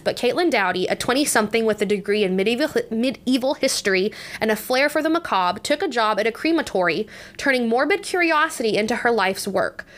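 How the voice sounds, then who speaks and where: A woman's voice: a little high, fairly bright tone. A young woman hosting a casual book review podcast, chatty and congested, with many fillers and restarts and frequent laughter. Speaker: podcast host.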